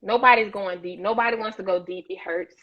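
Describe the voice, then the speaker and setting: A woman's voice: medium pitch, fairly even intonation, brisk, highs cut off. A woman on a talk show panel, speaking emphatically and preachily and repeating words as she builds each point. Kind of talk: impassioned discussion.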